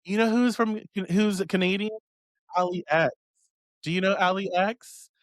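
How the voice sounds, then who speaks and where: A man with a fairly high voice talks in loose, rambling casual chat, full of fillers and asides. He swears freely. The sound is dry and close, with no room echo. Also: steady tone, a little slow. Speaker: host answering community questions on witchcraft.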